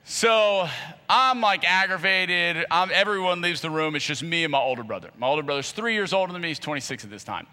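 A man preaching with a comic personal story, his voice bright, forceful and pitched a little high. He is animated, acting out quotes and breaking into loud exclamations. A long reverb from a large church hall trails behind him. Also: brisk.

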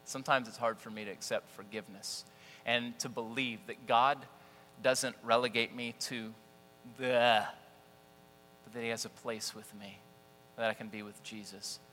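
A man delivers a sermon, mixing scripture with lively, self-deprecating stories. His voice is bright and forward. The sound rings with long reverb from a church hall, over a faint mains hum. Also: mid-range voice, moderate pace. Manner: animated storytelling, folksy and self-deprecating. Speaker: preacher.

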